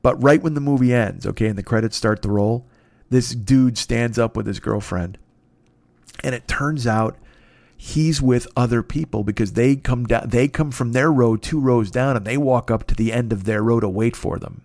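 A man in his fifties telling a rambling story in a casual, profane and excitable way. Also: medium pitch, moderate pace, creaky, no room sound. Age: 50s.

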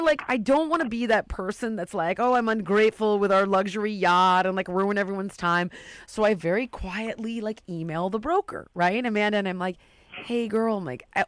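A woman's voice: mid-range voice, dry recording. A woman in casual chat, telling a long story and acting out the voices of the people in it.

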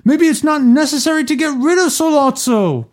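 A man voicing a cautious, gentle middle-aged male family lawyer in a strained, comically high voice while reading a novel passage aloud. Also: moderate pace. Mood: gently warning.

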